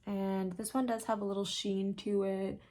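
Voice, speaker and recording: A young woman vlogging a casual makeup tutorial with a sore throat and a slightly rough voice, chatty and full of fillers. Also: medium pitch, level tone, a little mellow. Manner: chatty, filler-heavy, slow. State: sore throat, still sick. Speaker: beauty vlogger.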